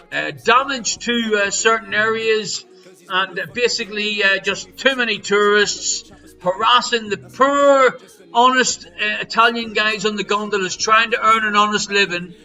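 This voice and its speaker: High bright-voiced jokey male quizmaster. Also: rough recording. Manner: jokey, showy quizmaster patter with big swings in loudness. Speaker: quiz host. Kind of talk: live-streamed pub quiz hosting. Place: home streaming setup.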